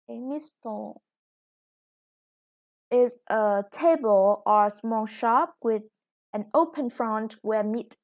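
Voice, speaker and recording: Slow, careful woman teacher. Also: on the high side. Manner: slow, deliberate, stresses each new word. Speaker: English teacher. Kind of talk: recorded classroom lesson.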